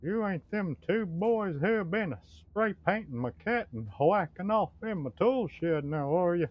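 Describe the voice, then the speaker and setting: A man's voice: sits high, expressive, a little slow, dull audio, voice pushed up. A man voicing a suspicious old male hick neighbor with a drawl.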